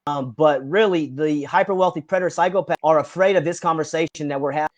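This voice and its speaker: A man's voice: a little high, quick pace, no room sound. A man talking as a podcast guest in casual conversation, earnest and passionate, with thoughts that wander from point to point.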